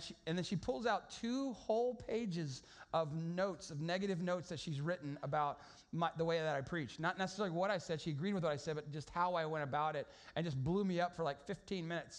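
High-voiced pastor, casual sermon. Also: male voice, fast, few pauses. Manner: conversational, storytelling, many restarts.

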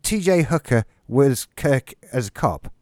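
A man's voice: medium pitch, animated, a little slow, a little mellow, no echo. Easygoing man chatting, dry close mic. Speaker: podcast co-host. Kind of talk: casual chat.

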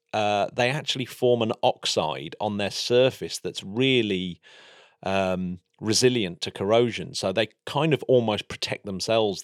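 An English man with a lowish voice, chatting eagerly as a podcast co-host about spacecraft and the sun. The recording is dry and close, with no room sound. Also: no room sound. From England. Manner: enthusiastic, explanatory. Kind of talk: casual science chat.

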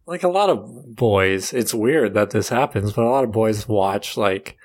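Man, casual banter, skeptical questions, slow talker. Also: fairly low pitch.

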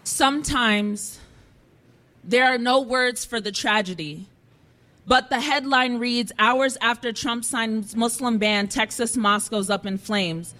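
A woman performing spoken word poetry in a measured, deliberate way. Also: on the high side, bright, forceful tone.

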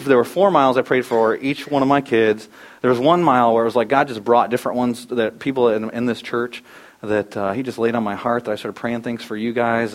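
Storytelling male pastor preaching. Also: mid-range voice. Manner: storytelling, animated, acts out quoted voices. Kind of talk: sermon.

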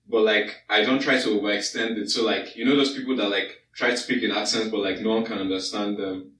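A young man with a Nigerian accent talks in a relaxed way, with a lowish, bright voice that fills "so, like" through his sentences. He sits off-mic and the room echoes. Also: a little fast, recorded from a distance, a little hiss or hum. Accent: Nigerian English. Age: young adult. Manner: relaxed, leans on "so, like". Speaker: podcast guest. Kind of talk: casual group chat. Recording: roomy, off-mic.

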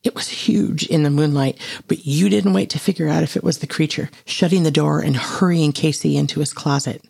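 A man narrating a second-person horror story in a hushed, tense way. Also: fairly high pitch, fairly even intonation, fairly quick, creaky, slightly rough.

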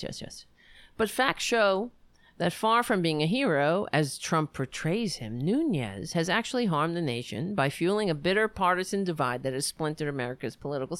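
A woman's voice: on the low side, clear, resonant tone, no room sound. An American woman reading a news article aloud, breaking off with sarcastic asides and stumbling over words. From United States. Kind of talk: casual commentary reading aloud.

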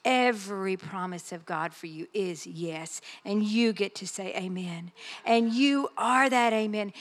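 A woman preaching to a live audience, impassioned and at times dropping to a hushed whisper. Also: fairly high pitch. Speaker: conference speaker.

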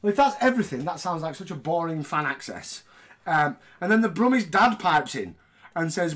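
A man's voice: a little high, very animated, brisk, a bit bright. A man hosting a casual podcast, joking and swearing as he talks. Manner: joking, profane and mocking. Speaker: podcast host.

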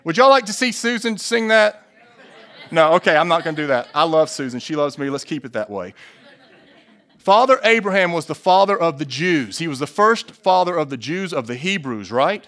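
A man preaching a sermon, stressing key phrases slowly and putting questions to the congregation, with jokey asides. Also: fairly high pitch, sing-song, a bit bright. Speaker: pastor.

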